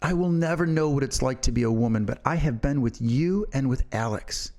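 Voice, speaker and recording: A man's voice: mid-range voice, fairly quick, a little mellow. A middle-aged man and podcast co-host, talking in a fiery, profane and emphatic way. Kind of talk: impassioned opinion talk.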